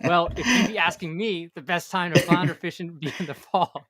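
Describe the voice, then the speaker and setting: A man's voice: sits high, a little fast, a loud crowd, voice pushed up, natural voice. A man doing a playful pirate voice, reading out a fishing forecast in swaggering pirate talk.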